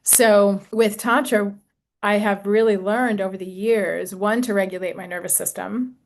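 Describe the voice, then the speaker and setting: A woman in her sixties, an intimacy coach talking gently and reflectively to a group, with casual fillers. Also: medium pitch, fairly even intonation, unhurried. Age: 60s. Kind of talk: talk to a group.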